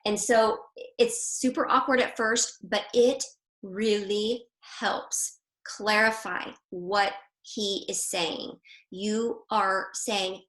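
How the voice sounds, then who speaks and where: A woman hosting a women's group on a video call, talking in a casual, animated way and laughing easily. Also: mid-range voice. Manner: chatty, animated, quick to laugh. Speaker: Christian marriage coach hosting a women's group. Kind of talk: casual live online coaching talk. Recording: roomy echo.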